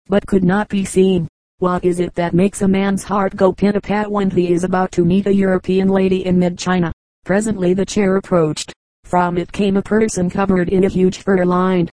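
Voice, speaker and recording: An audiobook reader giving a measured, even narration of a travel memoir. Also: mid-range voice, dry recording, poor audio.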